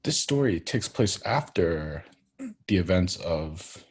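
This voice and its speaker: A man chatting casually, talking low and murmuring into a laptop microphone, with lots of fillers. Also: expressive, takes it slowly, husky. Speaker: co-host. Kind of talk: casual chat.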